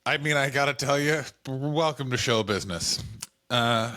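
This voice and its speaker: A man's voice: mid-range voice, moderate pace, pushed and bright, no echo. A man co-hosting a comedy podcast, chatting loosely and joking, often slipping into silly put-on voices. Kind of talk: casual comedic chat.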